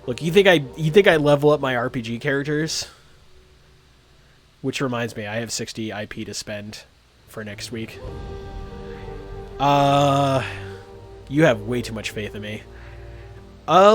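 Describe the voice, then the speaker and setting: A man streaming a role-playing game live, chatting casually with lots of fillers and reading game text aloud. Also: mid-range voice. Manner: rambling, lots of uhs and ums.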